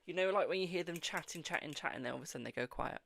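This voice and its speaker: A man's voice: on the high side, very fast, creaky, bright, forceful tone. A man hosting a live-stream psychic reading, chatting casually and affectionately calling viewers boo and darling. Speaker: psychic tarot reader and host.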